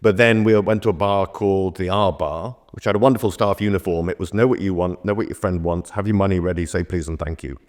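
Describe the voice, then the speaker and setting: Deep-voiced middle-aged bartender spinning anecdotes. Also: male voice, fairly even intonation, quick pace, hardly any pauses, a little mellow. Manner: rambling anecdotal storytelling. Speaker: bartender guest. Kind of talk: casual conversation.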